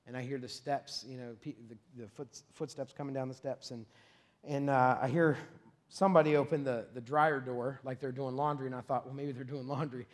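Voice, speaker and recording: A middle-aged pastor with a medium-pitched voice preaches briskly. His sermon includes a lively, self-deprecating story full of laughs and shouted peaks.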